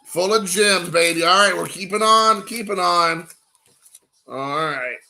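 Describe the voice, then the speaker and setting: A man's voice: sits high, a little slow, vocal fry, sharp tone, soft background music. A man in his forties hosting a casual card-collecting stream, joking and rambling at his chat viewers. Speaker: card-collecting show host.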